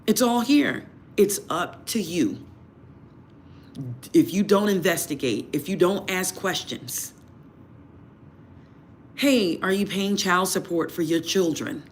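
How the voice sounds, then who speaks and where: A man's voice: high voice, fairly bright tone, a little hiss or hum. A man giving blunt dating advice during a live tarot reading. He repeats his points and asks many rhetorical questions. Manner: emphatic, repeats phrases, fires rhetorical questions. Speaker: tarot reader.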